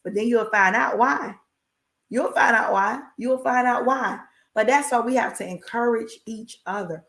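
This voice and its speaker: A woman's voice: fairly high pitch, normal speed, gravelly, fairly bright tone, roomy sound. A woman giving an encouraging faith talk on a livestream, emphatic and repetitive, with a preacher-like cadence and folksy asides. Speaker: inspirational speaker.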